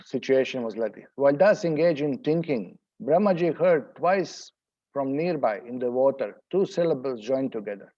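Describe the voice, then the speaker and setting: A man teaching a scripture seminar, explaining verses word by word in an unhurried, explanatory way. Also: medium pitch, dark tone, highs cut off. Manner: explanatory, pauses to translate word by word.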